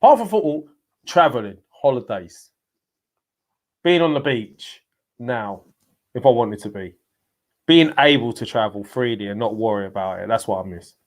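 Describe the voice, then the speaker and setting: A man of middle pitch co-hosting a loose banter stream, quizzing his co-host and taking viewer questions with a teasing edge. He talks in a relaxed, chatty way. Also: normal speed, pauses often. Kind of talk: casual live-stream banter.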